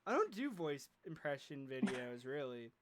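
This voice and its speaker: Hosting a casual podcast chat, a man rambles and jokes, filling his speech with fillers. His mid-range voice is very animated and a bit bright, moving at a moderate pace.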